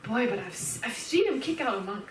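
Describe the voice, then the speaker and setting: A woman teaching Buddhist philosophy as a lecture, lively and animated, laughing and acting out little quotes as she explains. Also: fairly high pitch, a little fast, slight background noise. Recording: roomy hall, speaker far from the mic.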